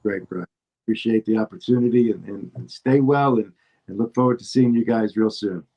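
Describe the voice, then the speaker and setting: Guy with a lowish voice getting choked up, lots of uh and and-and, heartfelt sign-off. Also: vocal fry, lo-fi sound. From Atlanta. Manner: emotional, halting with fillers. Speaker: guest chiropractor. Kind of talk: heartfelt closing remarks.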